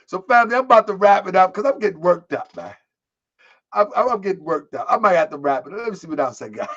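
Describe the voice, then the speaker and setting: A man rants to his online audience in a high, excitable voice. He repeats himself and laughs between points. The recording sounds dull and lo-fi. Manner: repetitive, heated, laughing, calls the audience family. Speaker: online commentary host. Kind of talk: animated commentary rant.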